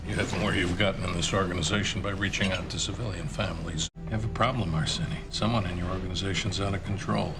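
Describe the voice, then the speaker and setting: Fbi profiler, low gravelly voice, talks fast, noisy clip. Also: male voice, fairly even intonation. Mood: calm. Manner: measured, probing. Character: steady senior male FBI profiler, middle-aged.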